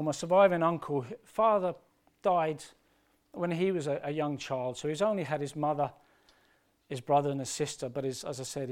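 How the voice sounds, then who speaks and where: A man preaching a sermon with passion, moving between hushed, emotional storytelling and loud, rising appeals. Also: fairly high pitch. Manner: impassioned, swinging from hushed to loud.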